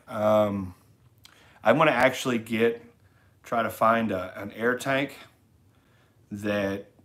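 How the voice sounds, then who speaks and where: A man's voice: lowish voice, fairly bright tone. A man hosting a casual late-night livestream, rambling easily and reading viewers' chat messages aloud. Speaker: livestream host. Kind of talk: casual live-stream chat reading comments.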